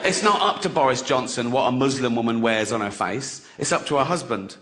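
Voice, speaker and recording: Loud laughter from a live crowd surrounds a middle-aged man doing crude, mocking stand-up on stage and acting out silly voices. He speaks fairly quickly, with a medium-pitched, expressive voice.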